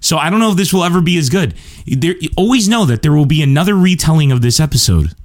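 A man's voice: on the high side, expressive, fast talker. A man hosting his comedy podcast, talking straight to listeners in a rambling, self-mocking, chatty way. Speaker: podcast host. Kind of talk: casual comedic monologue.

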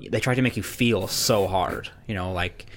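A man's voice: on the low side, normal speed. A young man co-hosting a podcast, rambling through casual chat with lots of filler and free swearing. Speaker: podcast co-host.

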